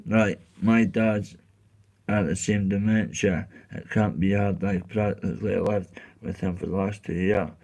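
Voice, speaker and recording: Low-voiced Scottish man, blunt and sweary. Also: fairly even intonation, unhurried, creaky, a little mellow. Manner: blunt, candid, sweary, heartfelt. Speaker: livestreamer reading chat. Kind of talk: casual live-stream chat.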